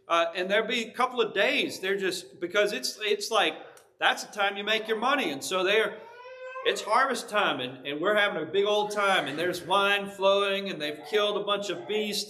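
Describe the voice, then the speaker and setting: A male pastor tells a story in his sermon, folksy and animated. His voice is high and bright, with a tense edge.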